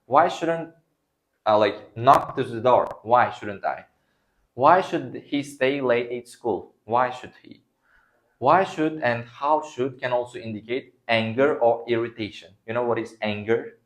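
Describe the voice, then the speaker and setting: In an unhurried, slightly bright mid-range voice, a man teaches a class English grammar. He learned Uzbek first, and his phrasing is non-native. He acts out the example sentences for the class.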